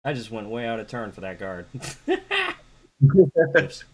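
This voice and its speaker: A man's voice: medium pitch, animated, unhurried, darkish tone. A man running a tabletop game as game master, casually narrating combat and counting out moves.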